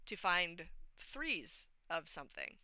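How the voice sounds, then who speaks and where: Bright-voiced woman rambling through a story. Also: fairly low pitch, takes it slowly, clear, resonant tone, no echo. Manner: animated, rambling, many fillers. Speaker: streamer. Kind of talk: casual storytelling of a tabletop game session. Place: home streaming setup.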